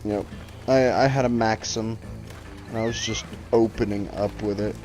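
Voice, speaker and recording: A man's voice: fairly low pitch, fairly even intonation, moderate pace, over music. A man streaming a game, telling a long story in a casual, profane, rambling way over his mic. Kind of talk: casual gaming chat.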